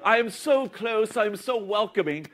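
A meek, mild Jesus figure speaking in a hushed British accent, low and gentle, as a man preaching puts him on. The voice is soft and drops well below his normal range. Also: expressive, normal speed. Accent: British, put on.

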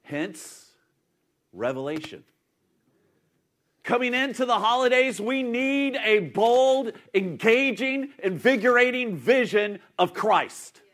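Brief: man, pastor, high-pitched voice, animated emphatic sermon delivery. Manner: emphatic, animated preaching with dramatic pauses.

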